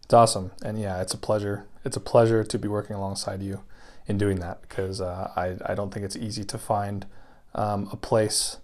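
A man hosts a casual interview in a low voice with little rise and fall. He agrees readily with his guest before he asks his next question. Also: level tone, a little mellow. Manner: affirming, quick to agree. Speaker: interview host.

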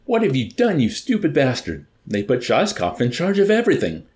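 An irate ex-sergeant shouts in fury down the phone, as a male reader puts him on. His voice rides high and loud, with lively pitch. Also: a little fast. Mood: furious. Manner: shouting, raging.

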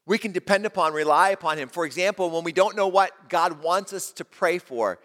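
A male pastor delivers a sermon in a slightly higher register than most men. He sinks into soft, low passages, then climbs back up with emphasis. A long reverb from a large hall follows every phrase. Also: a little fast. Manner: dynamic preaching, drops to soft low tones and rises with emphasis.

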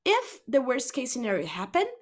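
A woman's voice: on the high side, huge pitch swings, normal speed. Earnest woman giving candid life advice. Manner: earnest, rambling, self-correcting. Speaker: wellness vlogger. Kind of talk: candid motivational monologue.

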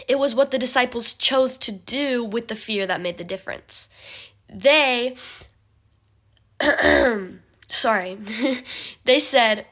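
A young woman giving a casual bible study talk, chatty and full of fillers, often clearing her throat. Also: on the high side, drawn-out words, pauses often, fairly bright tone.

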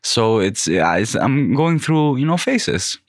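A man's voice: mid-range voice, very animated, takes it slowly, no room sound, studio quality. A man in his thirties who grew up in the Netherlands, a podcast guest speaking bluntly and frankly in casual chat, swearing freely. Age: 30s.

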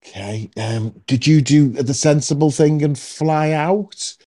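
A man's voice: fairly high pitch, takes it slowly, warm tone. A man hosting a podcast, chatting casually and jokily with plenty of ums. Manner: chatty, jokey, lots of ums. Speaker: podcast host. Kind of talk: casual chat.

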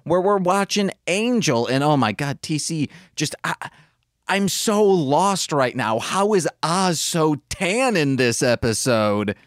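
A man co-hosting a podcast in casual chat, talking in an unhurried, matter-of-fact way. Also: a little high, sing-song, dry recording, clean studio sound. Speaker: podcast co-host.

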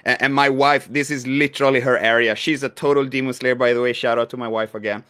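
A man's voice: mid-range voice, steady tone, quick pace, fairly bright tone. Man guest, practical explainer, mid-range voice. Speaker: guest minister. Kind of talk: casual chat.

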